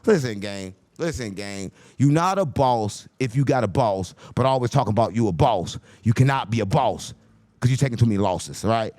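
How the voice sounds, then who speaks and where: Mocking man ranting with lively pitch. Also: normal speed, no echo, clean studio sound. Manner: mocking, repetitive taunts, swings between loud jabs and low mutters. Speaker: commentary host. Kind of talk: rant-style commentary.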